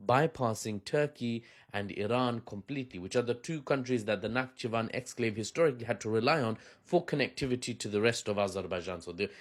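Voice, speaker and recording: A man hosting a casual commentary video, chatty and joking, often laughing at his own asides. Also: mid-range voice. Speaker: video host.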